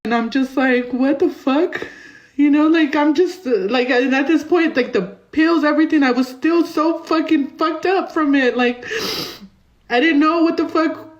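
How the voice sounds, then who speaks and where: A woman's voice: high voice, normal speed, lo-fi sound. A woman telling her own hard story as an interview guest, emotional and rambling, swearing often. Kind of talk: raw personal storytelling.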